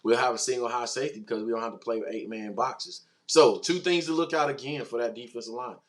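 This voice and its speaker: Male stream host, animated and slangy, average pitch, riffing with chat. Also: fast. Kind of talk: casual livestream talk, reading chat comments.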